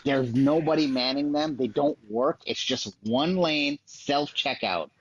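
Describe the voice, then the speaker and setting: A man's voice: medium pitch, unhurried, slight background noise. A man on a podcast panel, cracking goofy jokes and rambling bits while scoring games. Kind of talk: casual podcast banter. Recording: dull lo-fi mic.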